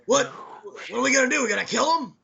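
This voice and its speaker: A man's voice: extremely high pitch, fast talker, gravelly, bright, forceful tone, highs cut off, voice pushed up, full character voice. A man voicing a blunt male fighter companion who is eager to fight.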